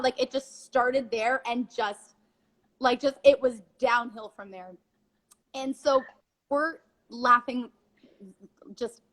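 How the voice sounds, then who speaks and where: A young woman in her twenties tells stories as a guest in a casual chat. She is animated and laughs easily. Her voice sits fairly high. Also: rough recording.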